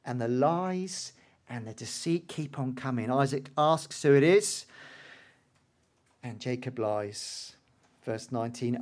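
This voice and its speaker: A man preaching a sermon, telling the story dramatically and swinging between hushed asides and loud, emphatic lines. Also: medium pitch, lively intonation, unhurried.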